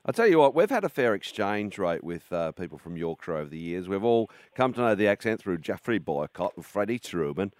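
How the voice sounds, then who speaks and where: A man's voice: low voice, big pitch swings, fairly quick, few pauses, no room sound. An Australian man co-hosting breakfast radio in a studio, wry and teasing. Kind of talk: casual chat. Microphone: studio mic.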